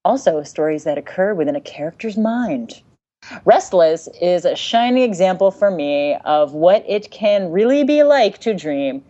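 Slow, wry woman reading aloud. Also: lowish voice, lively intonation, warm tone, highs cut off. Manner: slow, wry, giggly delivery. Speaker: podcast co-host. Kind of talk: reading a listener email aloud.

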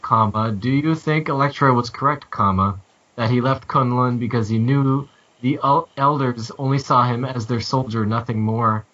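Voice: mid-range voice, moderate pace, fairly bright tone, recorded from a distance. A podcast co-host reading out listener feedback playfully, giggling over the punctuation. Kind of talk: casual podcast chat. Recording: muffled lo-fi podcast audio.

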